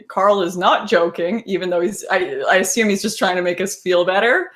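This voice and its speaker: A young woman casually telling a first-person story, animated and laughing often as she talks. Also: fairly low pitch, normal speed, hardly any pauses.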